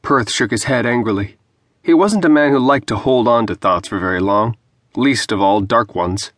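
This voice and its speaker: A man narrating a fantasy novel in a measured, even storytelling manner on a close studio mic. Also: medium pitch, dry recording. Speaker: audiobook narrator. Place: dry recording booth.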